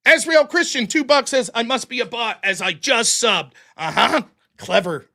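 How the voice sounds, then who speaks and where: A man hosting a live stream, reading viewer donations aloud and answering them with sarcastic jokes, dropping lower and quieter when he reads their messages. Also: moderate pace. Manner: mocking, sarcastic humor. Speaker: livestream host reading super chats. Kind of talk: casual live-stream chat.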